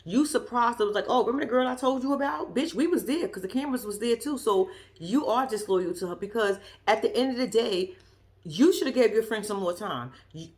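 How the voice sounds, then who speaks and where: A woman giving a sassy, profane, casual commentary as she recaps a reality show episode. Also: fairly high pitch. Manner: blunt, profane, sassy storytelling.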